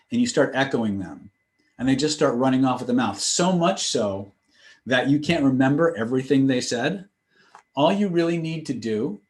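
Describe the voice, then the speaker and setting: A man's voice: mid-range voice, darkish tone. A man teaching a live online class, explaining with casual asides and checking in with listeners. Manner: explanatory, demonstrates phrases with shifting tone and tempo; conversational, frequent "right?" check-ins. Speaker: instructor.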